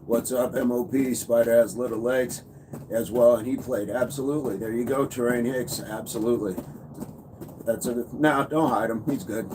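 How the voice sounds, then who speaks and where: A man's voice: medium pitch, steady tone, normal speed. A man coaching fitness on a casual livestream, upbeat, reading and answering viewer comments. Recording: noisy background.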